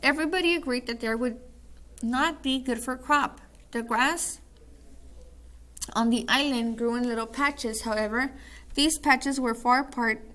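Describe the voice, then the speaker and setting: A woman's voice: on the high side, a bit bright. A woman teacher running a call-and-response word drill, then reading a story aloud with small slips and restarts.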